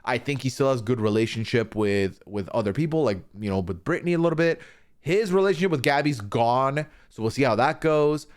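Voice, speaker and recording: A man's voice: medium pitch, brisk. A man streaming a casual, opinionated recap of a reality show, swearing freely and acting out what people said. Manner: animated, swearing, acting out quoted lines.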